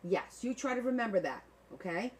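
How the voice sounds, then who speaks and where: A woman's voice: a little high, expressive, fairly quick, darkish tone, low-quality recording. A woman hosting a crafting livestream, chatting playfully with viewers and laughing while she works. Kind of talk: casual chat while crafting.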